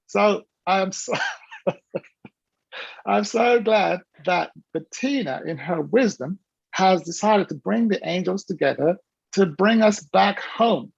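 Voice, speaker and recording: A man giving an animated motivational talk on a video call, preaching and acting out quotes. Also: high-pitched, gravelly, breathy edge, no room sound, lo-fi sound. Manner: preachy, acts out quoted voices, laughs often. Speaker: guest speaker on a virtual summit call.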